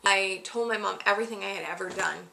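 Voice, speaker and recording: A woman's voice: medium pitch, quick pace, gravelly, sharp tone. A young woman telling a personal story in a casual vlog, acting out the voices she quotes. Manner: chatty, acts out quoted voices. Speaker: vlogger answering viewer questions.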